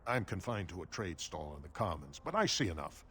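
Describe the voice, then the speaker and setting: An actor playing a surface-born dwarf merchant who speaks with wry, guarded resentment in a video game. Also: male voice, low-pitched, sing-song, fairly quick, a bit bright, a little hiss or hum. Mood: wry, bitter.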